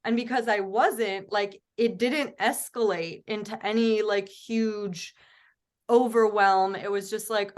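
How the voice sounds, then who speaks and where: A woman co-hosting a podcast, telling a story in relaxed casual chat, saying "like" often. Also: mid-range voice, slow. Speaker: podcast co-host.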